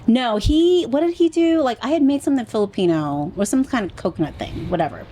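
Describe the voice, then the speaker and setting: A woman's voice: fairly high pitch, fairly quick, slight background noise. A woman, a podcast guest and actor, telling stories in a casual chat and swearing freely. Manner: animated storytelling, swears freely.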